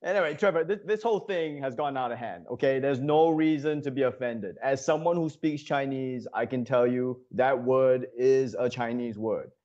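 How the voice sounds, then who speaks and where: A man's voice: medium pitch, normal speed, few pauses, a little mellow, dull audio. A man doing comedic sketch banter as a correspondent, mock-indignant and heated, with lots of uh fillers.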